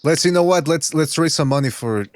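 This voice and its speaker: A man's voice: fairly high pitch, a little fast, crowd noise. A man hosting a podcast in loose, profane, joking banter. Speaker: podcast host.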